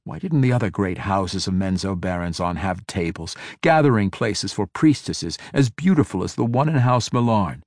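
A man reading a fantasy novel aloud in measured, dramatic narration. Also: lowish voice, lively intonation, darkish tone, no room sound, clean studio sound. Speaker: audiobook narrator.

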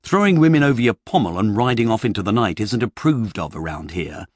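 A man voicing a flustered writer who talks in a fussy, rambling, exasperated way, pitched up from his reading voice, in an audiobook. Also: lively intonation, fairly quick, no echo, clean studio sound. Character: flustered middle-aged male fantasy writer.

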